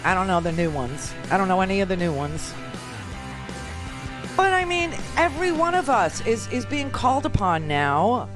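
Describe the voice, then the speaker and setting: A woman from New York hosting political talk radio, sarcastic and animated, full of rambling asides. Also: mid-range voice, normal speed, music in the background.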